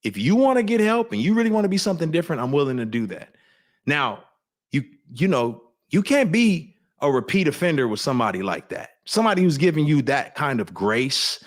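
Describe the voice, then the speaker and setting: A man speaking as a guest on an interview show, with an ordinary middle pitch. He talks earnestly and confessionally, reflecting as he goes. He often restarts sentences mid-thought. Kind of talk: candid personal storytelling.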